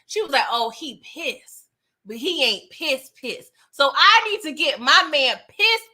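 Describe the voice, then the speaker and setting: A woman casually recapping a TV episode in slangy, animated talk, laughing often. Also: high-pitched. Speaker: TV recap host.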